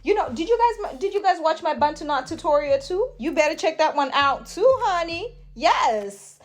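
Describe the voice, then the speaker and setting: A woman's voice: high-pitched, big pitch swings, moderate pace. A woman chatting through a hair tutorial in a hyper, gushing way, calling her viewers honey and sis. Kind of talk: casual tutorial chat.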